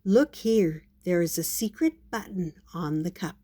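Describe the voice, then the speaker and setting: A woman's voice: on the low side, animated, a little slow. An older woman voicing a kind, patient old male shopkeeper in a storybook reading. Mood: kindly. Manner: gentle and encouraging.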